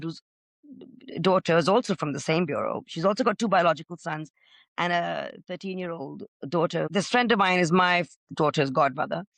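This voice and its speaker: Expressive woman with a gravelly edge. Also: on the low side, dry recording. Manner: expressive, says she is loud and gregarious. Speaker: podcast guest. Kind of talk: emotional personal storytelling.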